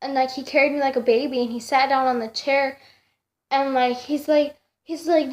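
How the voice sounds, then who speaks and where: A young woman with a high, light voice tells a story straight to her camera at home. She rambles and circles back, full of fillers and self-corrections. The feel is loose and chatty. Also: level tone, normal speed. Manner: rambling, many fillers and restarts. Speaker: vlogger. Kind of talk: casual storytelling.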